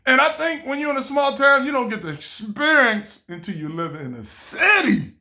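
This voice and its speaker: A young man from a small town tells a story straight to camera, casual and animated. His voice is bright and forceful, and he laughs often as he acts out the people in his tale. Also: very high voice, normal speed. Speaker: vlogger.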